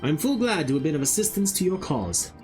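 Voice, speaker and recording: A courtly merchant , as a man puts him on, speaking in formal, old-fashioned phrases with a coy, humble air. The pitch rises and falls in a lively way, over faint game music. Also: brisk. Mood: smooth. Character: smooth, courtly male merchant feigning humility.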